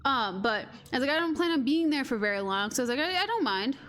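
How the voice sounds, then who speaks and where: A woman's voice: fairly high pitch, animated, quick pace, fairly bright tone. A woman streamer casually telling a rambling story, chatty and quoting others as she goes. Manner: rambling, chatty, quotes her sister. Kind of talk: casual storytelling while gaming.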